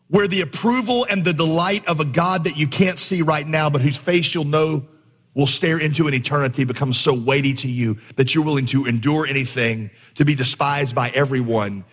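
A man, a pastor, telling a lively coaching story within a sermon, acting out the voices and laughing along. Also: medium pitch, slightly rough. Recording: long hall reverb.

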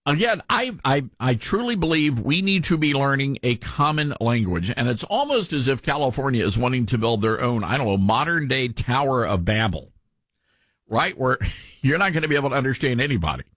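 A man with a light Tennessee Southern accent hosting a talk radio show, folksy and animated in his commentary. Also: medium pitch, a little fast, dry recording.

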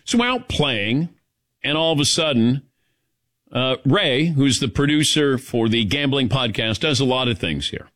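A man's voice: medium pitch, moderate pace. A man hosting a talk radio show, telling a rambling story casually with lots of fillers. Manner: rambling, animated, many fillers.

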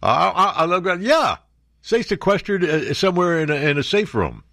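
A man's voice: high-pitched, big pitch swings, normal speed, gravelly, sharp tone, no room sound, clean studio sound. A man hosting a talk radio show, reading news aloud and breaking in with sarcastic, mocking commentary.

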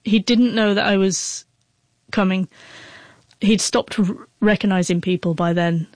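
A woman's voice: medium pitch, fairly even intonation, a little slow, dry recording. Woman, stutter, heartfelt interview story, dry close sound. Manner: emotional, heartfelt. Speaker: guest, author.

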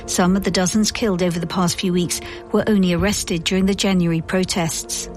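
A woman reporter giving scripted news narration in a measured, grave way. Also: on the low side, fairly even intonation, darkish tone, soft background music.

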